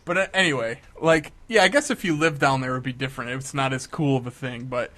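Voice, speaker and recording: A young man chatting casually on a podcast, telling a story with lively acted-out quotes. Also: medium pitch, fast. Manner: animated storyteller, acts out quotes. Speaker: podcast co-host.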